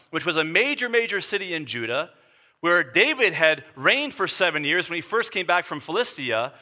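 Bright-voiced man preaching a sermon. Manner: storytelling, emphatic, drops to a low hush for weighty points. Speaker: pastor.

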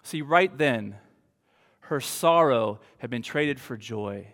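A man preaching a sermon as pastor, in an earnest, slow style with emphatic pauses. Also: mid-range voice, lively intonation, fairly bright tone. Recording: long hall reverb.

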